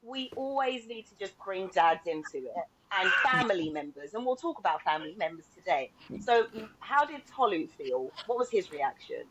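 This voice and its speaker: A woman's voice: medium pitch, sing-song, moderate pace, hardly any pauses, over a noisy crowd. Woman, casual podcast co-host, supportive, dull lo-fi recording. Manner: supportive, asks follow-up questions. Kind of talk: casual chat. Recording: dull lo-fi sound.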